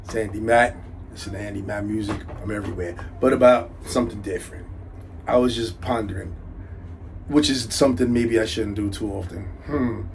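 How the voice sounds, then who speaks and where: A man's voice: lowish voice, a little fast, a little hiss or hum, poor audio. Chatty New York man telling a story. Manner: chatty, joking, rambling. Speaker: vlogger. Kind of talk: casual comic storytelling.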